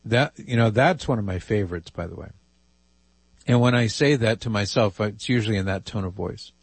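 A man's voice: fairly low pitch, brisk, vocal fry, slightly rough, dry recording. A man hosting a call-in radio show, reading listener emails aloud with amused asides. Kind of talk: casual call-in radio talk.

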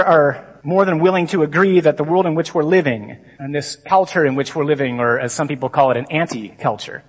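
A man, a priest, giving a lively conference talk to a crowd of men. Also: on the high side, slightly rough. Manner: lively, mimics stuffy readings. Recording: long hall reverb.

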